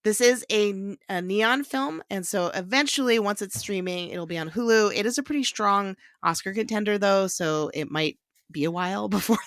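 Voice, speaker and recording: A woman hosting a casual film podcast, chatty and quick to laugh, with fillers and restarts. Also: mid-range voice, dry recording, clean studio sound. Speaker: podcast host.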